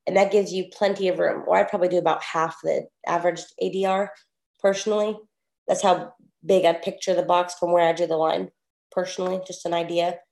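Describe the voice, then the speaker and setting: A woman's voice: on the low side, fairly even intonation, a little fast, creaky, a little mellow. A woman running a live online trading class on a video call, chatty and laughing, with apologetic asides. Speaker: trading coach. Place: home, at night. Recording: roomy echo.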